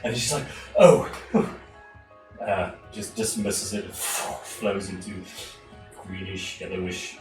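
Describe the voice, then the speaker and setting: A man narrating a tabletop game as game master, relaxed and hesitant. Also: deep voice, measured pace. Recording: roomy, distant mic with background music.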